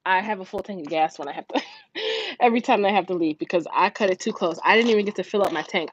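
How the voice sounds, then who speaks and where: This is casual storytelling to camera from a budgeting vlogger and mom recounting her morning at length. Chatty and animated, she swears without holding back and acts out quoted voices in a raised pitch, all on a dull lo-fi recording with faint noise.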